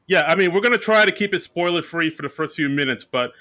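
A man's voice: fairly high pitch, expressive, fast talker, pushed and bright. A man with a New Jersey accent co-hosting a comedy podcast, upbeat and jokey. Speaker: podcast co-host. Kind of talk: casual chat.

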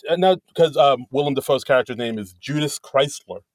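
A man co-hosting a podcast, talking haltingly about comedy sketches with many fillers and chuckles. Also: mid-range voice, dry recording. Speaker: podcast co-host. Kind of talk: casual chat reviewing comedy sketches.

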